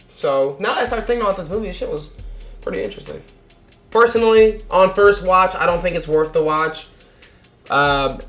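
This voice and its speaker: A young man with a slightly high voice, rambling loosely and swearing freely as he recaps a film. He gets animated in bursts. Faint music plays underneath. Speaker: movie reviewer. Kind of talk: casual rambling film review.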